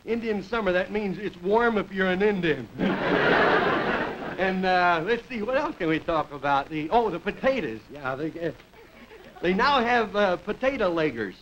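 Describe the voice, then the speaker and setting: High-voiced comedian on hissy old television audio. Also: male voice, lively intonation, a little slow. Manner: chuckles at his own jokes, rambling and folksy. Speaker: comedy show host. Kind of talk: stand-up monologue before a studio audience. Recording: dull lo-fi 1950s television audio with loud hiss. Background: studio audience laughter.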